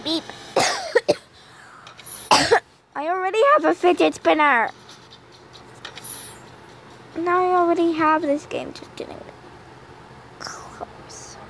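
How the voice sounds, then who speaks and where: A woman's voice: very high voice, slow, creaky, long pauses, a bit bright, a little hiss or hum, poor audio. A woman giving playful commentary while gaming, giggling and making sound effects over game music. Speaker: gamer.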